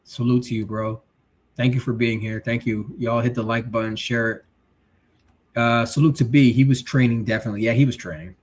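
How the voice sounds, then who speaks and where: A man's voice: mid-range voice, a little fast. A male livestream host chatting casually, reading viewer comments and giving blunt, slangy takes. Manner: blunt, animated, street slang.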